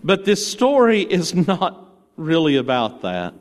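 A man's voice: fairly high pitch, wildly swooping pitch, slow pace, long reverb tail. A male pastor preaching a sermon in a conversational storytelling way, with playful asides, in a church.

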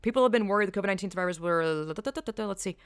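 A woman's voice: mid-range voice, fast, smooth, no echo, clean studio sound. A young woman hosting a podcast and chatting casually on a headset mic, candid and profane, drifting from one tangent to the next. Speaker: podcast host. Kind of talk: casual rambling chat.

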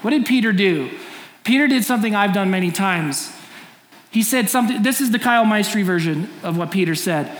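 A man's voice: high-pitched, animated, a little fast, a bit bright. A middle-aged man preaching a sermon in a conversational, storytelling way, acting out scenes. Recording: echoey room, faint ambience.

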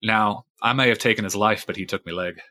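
A man voicing a grizzled old one-legged male fisherman who talks gruff and blunt. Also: on the low side, fast talker, bright, forceful tone.

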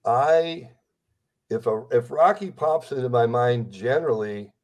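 A man's voice: medium pitch, unhurried, darkish tone. A man in his sixties, a guest on a podcast interview, who talks in a rambling, enthusiastic way. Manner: rambling, enthusiastic, slips into impressions. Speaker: interview guest, celebrity impersonator.

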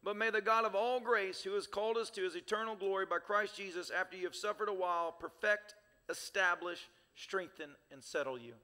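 A man's voice: sits high, fairly quick, pushed and bright. A male pastor preaching a sermon with fervor, using rhythmic, repeated phrases. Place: church sanctuary. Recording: reverberant church hall.

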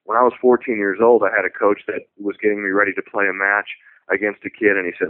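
A tennis coach talking on a radio show, telling stories in a relaxed, conversational way. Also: male voice, on the low side, fast talker, dry recording. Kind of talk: radio talk show discussion. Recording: tinny phone-like radio audio.

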